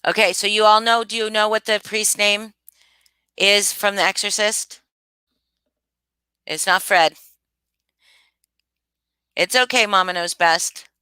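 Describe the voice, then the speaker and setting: A woman's voice: medium pitch, steady tone, slow, long pauses, bright, forceful tone, clear, resonant tone, dry recording. A woman hosting a casual live stream, rambling and thinking aloud as she answers viewers, often restarting her sentences. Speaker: livestream host.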